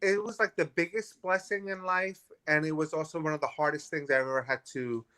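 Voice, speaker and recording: An animated man in his thirties tells a personal story as a guest in a restaurant and acts out the people in it. His voice sits a little high. It has a bright edge. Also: fairly quick. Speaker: guest author. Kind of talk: candid storytelling.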